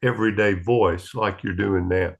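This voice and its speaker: A man from the Southern United States, interviewing a guest with slow, measured questions and small stumbles. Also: deep voice, vocal fry, dull audio.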